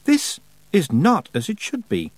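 A man reading an audiobook, voicing a cold male winter spirit who speaks in a slow, stilted, inhuman way. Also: high-pitched, wildly swooping pitch, dry recording, pitched above the performer's own voice, exaggerated voice. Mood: demanding. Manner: slow, oddly stilted speech. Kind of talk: audiobook character voice.

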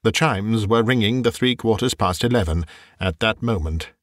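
A man narrating a classic story as an audiobook, in a measured, expressive way. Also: lowish voice, no room sound, clean studio sound.

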